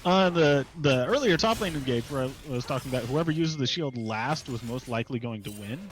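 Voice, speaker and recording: A man's voice: mid-range voice, expressive, a little fast, soft background music, low-quality recording. A man giving color commentary on an esports match, breaking down plays in a loose, conversational way. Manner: conversational analysis with light laughs and filler. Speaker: esports caster.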